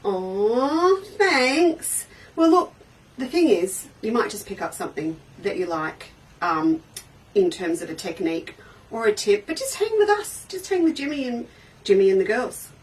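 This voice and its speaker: A woman's voice: on the high side, lively intonation, a little slow, far from the mic, rough recording. A woman hosting a casual quilting livestream, chatty and bubbly, greeting viewers one by one by name. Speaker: livestream quilting show host.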